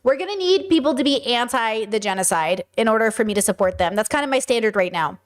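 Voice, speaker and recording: A woman with a high, bright-pitched voice talks straight into her mic as a podcast host reacting to clips. She is blunt and profane and keeps drifting off on tangents. The delivery stays loose and conversational. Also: animated, fast talker. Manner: blunt, profane, rambling asides. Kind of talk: casual commentary.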